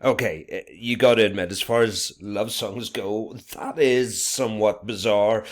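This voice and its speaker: A man teaching a recorded video lesson, chatty and jokey, now and then building to bursts of excitement. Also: lowish voice, normal speed, few pauses.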